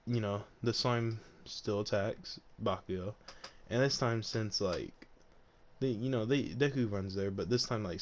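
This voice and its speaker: A man's voice: on the low side, darkish tone. A young man casually telling an unscripted fan story, rambling with lots of fillers and frequent laughs. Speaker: YouTuber.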